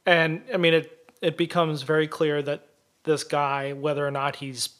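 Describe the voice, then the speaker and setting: A man co-hosting a casual podcast, retelling a film scene at length in an animated way. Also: a little high, moderate pace. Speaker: podcast co-host.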